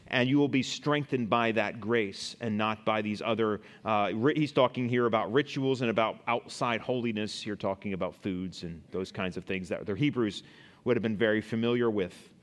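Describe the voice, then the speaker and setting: A man's voice: fairly low pitch, normal speed, a bit bright, long reverb tail. A man preaching a sermon as a pastor, reading Bible verses and giving everyday examples.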